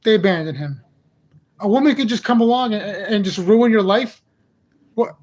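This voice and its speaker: Furious profane man, high voice. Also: normal speed, a little mellow. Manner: heated, profane, ranting; repetitive, exasperated. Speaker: channel host. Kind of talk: angry monologue vlog.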